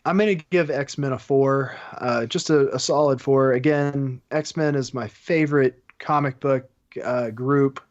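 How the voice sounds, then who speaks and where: A man's voice: mid-range voice, fairly even intonation, a little slow, hardly any pauses. A man co-hosting a movie podcast, opinionated and enthusiastic as a fan. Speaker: podcast co-host. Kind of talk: casual movie discussion. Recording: dull lo-fi audio.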